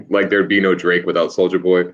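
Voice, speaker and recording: A man's voice: sits low, normal speed, dull audio. A man co-hosting a casual podcast, telling stories and laughing often. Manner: animated storyteller, laughs often. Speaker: podcast co-host. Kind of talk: casual chat.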